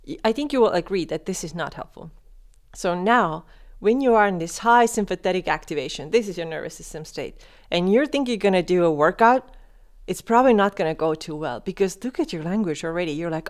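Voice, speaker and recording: A woman with a slightly low voice talks straight to her listener as a podcast coach. She moves between fast, animated stretches and slowed, softly spoken calm passages. She often asks the listener questions. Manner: expressive, shifts between fast excited talk and slow soft calm; addresses listener directly with questions. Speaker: podcast host and wellness coach. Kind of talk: instructional podcast talk.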